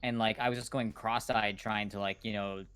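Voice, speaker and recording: A man coding on a livestream, chatting casually and thinking aloud, quick to laugh. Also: lowish voice, steady tone, a bit bright, clean tone. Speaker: co-host writing the code on a livestream. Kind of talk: casual chat while coding.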